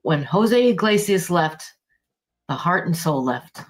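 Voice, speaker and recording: A woman's voice: lowish voice, expressive, takes it slowly. A woman co-hosting a casual sports podcast, ranting in a heated, exasperated way and swearing freely. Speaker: podcast co-host.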